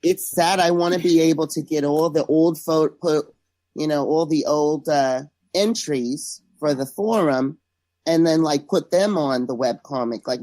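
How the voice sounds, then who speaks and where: A woman's voice: deep voice, dark tone, no echo. A woman being interviewed as a guest, chatting casually and gossiping with joking asides. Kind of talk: casual podcast chat.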